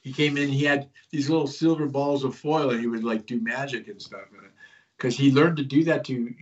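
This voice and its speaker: Guesting in a relaxed interview, this host of his own show spins stories in a rambling, conspiratorial way, leaning heavily on fillers. He speaks at a moderate pace with a medium pitch, recorded in lo-fi quality.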